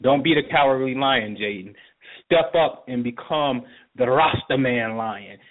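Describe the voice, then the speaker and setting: A man's voice: medium pitch, measured pace. A man hosting a call-in astrology show, giving readings in an emphatic, preachy way and often checking in with "right?". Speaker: astrologer host. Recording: tinny phone-line sound.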